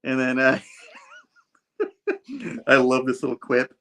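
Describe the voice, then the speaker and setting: A man's voice: mid-range voice, sing-song, takes it slowly, fairly bright tone. A man in a casual comic book review chat, retelling scenes and briefly voicing the characters.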